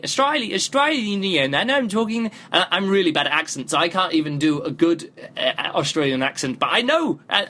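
Male podcast host, slightly higher voice, loose rambling review style, phone mic. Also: sharp tone. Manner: rambling, thinks aloud, frequent restarts. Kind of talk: casual spoken review.

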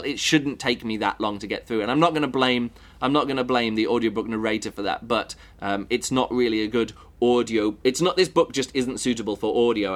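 A man chats through a book review, rambling as he thinks aloud. He keeps circling back with fillers and false starts, and his voice sits at a middling pitch for a man. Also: fairly bright tone. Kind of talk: casual spoken book review.

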